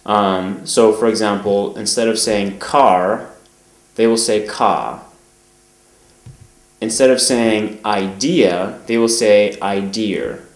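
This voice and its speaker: A man with a General American accent giving a calm, measured language lesson, pausing often with "um". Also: fairly low pitch, reverberant, poor audio. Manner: calm, measured explaining with frequent "um" pauses. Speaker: language teacher. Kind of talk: explanatory lesson.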